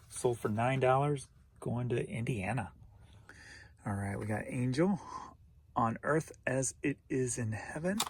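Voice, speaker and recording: A man's voice: medium pitch, darkish tone, a little hiss or hum. A man from St. Louis, Missouri, an eBay reseller who chats easygoingly in a casual vlog. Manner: easygoing and chatty, with quick asides.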